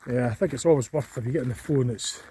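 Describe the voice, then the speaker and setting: A man's voice: medium pitch, fast, mellow. A Scottish man vlogging outdoors by a reservoir on a cold day, rambling and thinking aloud with plenty of fillers. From Scotland. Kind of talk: casual walking vlog. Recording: outdoor camera audio with background noise.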